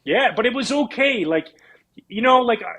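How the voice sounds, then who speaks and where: A man from Canada, a former professional pitcher, telling animated, rambling stories as a guest in a casual interview. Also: moderate pace, low-quality recording. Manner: animated, rambling with restarts and laughs.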